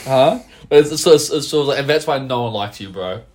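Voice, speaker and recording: A man casually chatting on a podcast, swearing freely and acting out quotes with sudden loud outbursts. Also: mid-range voice, quick pace. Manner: animated, swears a lot, acts out quotes in loud voices. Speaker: podcast co-host. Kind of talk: casual chat.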